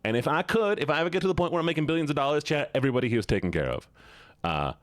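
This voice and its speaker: A man's voice: fairly high pitch, very animated, rapid-fire, no room sound. A man streaming as a VTuber, chatting casually with his viewers in a rambling, joking, self-mocking way.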